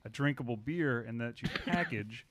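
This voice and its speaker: A man's voice: medium pitch, lively intonation, normal speed, fairly bright tone. A man co-hosting a casual podcast from a brewing shop, chuckling and explaining at length. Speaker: podcast co-host. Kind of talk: casual chat. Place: brewing supply shop studio.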